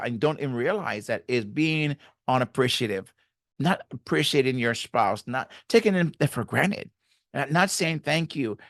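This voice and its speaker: A man's voice: medium pitch, a bit bright, dry recording, clean studio sound. Earnest man giving faith-based marriage advice. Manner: earnest, repeats key phrases, many fillers.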